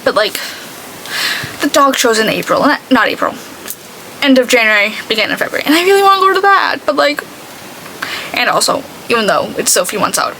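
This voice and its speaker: A woman's voice: a little high, pushed and bright, a little hiss or hum, low-quality recording. A young woman chatting casually while doing her makeup, rambling and full of "like". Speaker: beauty vlogger.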